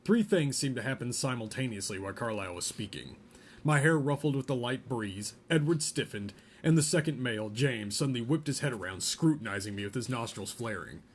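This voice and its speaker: Guy reading a novel out loud, jokes in between, bit of hiss behind him. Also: mid-range voice, expressive, brisk. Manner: reads a novel aloud, breaks off for joking asides. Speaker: podcast host reading aloud. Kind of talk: casual read-aloud with asides.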